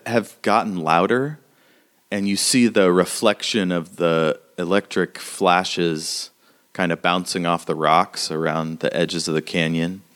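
Very deep, slow-talking male game master. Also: fairly bright tone. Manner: slow, halting narration with many fillers. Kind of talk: narrating a tabletop role-playing game.

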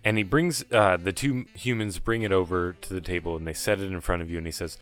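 A man narrating as game master of a tabletop game, describing scenes in a relaxed, rambling way, with faint music behind. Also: sits low, brisk, few pauses. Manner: descriptive, relaxed, with restarts and fillers.

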